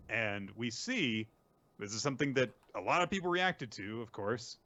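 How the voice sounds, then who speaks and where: A deep-voiced man hosts a casual manga recap, bright and forceful in tone. His recording is dry and a little muffled. He acts out snippets of the characters' dialogue as he retells each scene. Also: lively intonation, moderate pace. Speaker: podcast host.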